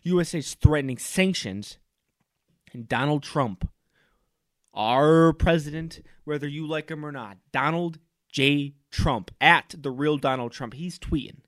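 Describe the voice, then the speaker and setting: A man hosting a comedy podcast, delivering a loud, fired-up, mock-pompous rant. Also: on the high side, unhurried, dry recording, studio quality. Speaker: podcast host. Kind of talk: comic ranting monologue.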